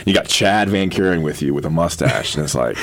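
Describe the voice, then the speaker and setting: A man with a very low voice and a rapid pace co-hosting a casual dating chat. He is blunt and joking and pushes the guest to get to the point. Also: expressive, a bit bright, slight background noise. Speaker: podcast co-host.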